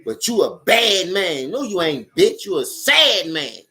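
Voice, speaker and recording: A man's voice: high-pitched, sing-song, unhurried, pushed and bright. A young man with a New Orleans accent, ranting profanely and animatedly about football as a live-stream host, speaking straight to his viewers. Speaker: sports commentary host.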